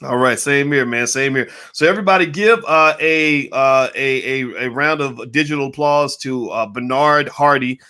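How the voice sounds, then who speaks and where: Male interview host with a bright, forceful voice who stumbles and repeats words with enthusiasm. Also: medium pitch, normal speed, hardly any pauses, clean tone. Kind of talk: casual interview chat.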